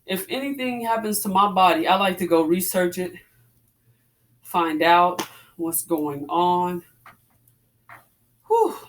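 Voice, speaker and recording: A woman's voice: lowish voice, slow, long pauses, a little hiss or hum. Chatty woman talking through a workout. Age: 40s. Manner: chatty, addresses viewers as y'all, breathy exclamations between exercises. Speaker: fitness vlogger. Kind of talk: casual chat while working out.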